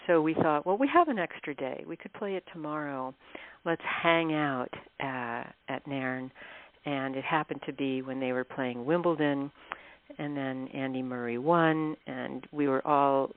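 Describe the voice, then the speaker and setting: A woman, a guest author, telling travel stories in a chatty interview, often laughing and clearing her throat. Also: extremely low pitch, measured pace. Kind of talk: casual interview storytelling. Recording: dry tinny phone line.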